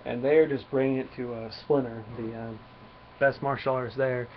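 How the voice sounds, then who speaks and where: A man's voice: medium pitch, flat delivery, normal speed, dull audio, slight background noise. A man giving a casual spoken comic book review, retelling the plot in a rambling way with many fillers.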